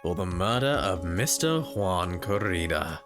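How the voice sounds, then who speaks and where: A man's voice: low voice, lively intonation, measured pace, pitched below the performer's own voice. A man voicing a haughty young male prosecutor, speaking in a clipped, superior way over game music. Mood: cold, haughty.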